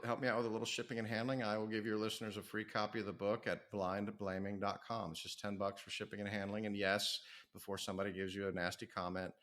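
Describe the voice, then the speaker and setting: A middle-aged man speaking as a podcast guest, lively and full of stories. His voice sits low yet sounds bright and forceful, keeping the pace brisk as he coaches and pitches. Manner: energetic, storytelling, self-promoting. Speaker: author and business coach. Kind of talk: podcast interview.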